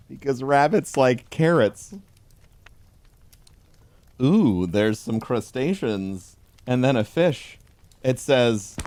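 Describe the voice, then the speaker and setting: A man giving a deadpan comedic reading of a holiday pun book, with dry delivery. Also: medium pitch, slow pace, long pauses, no echo. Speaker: host.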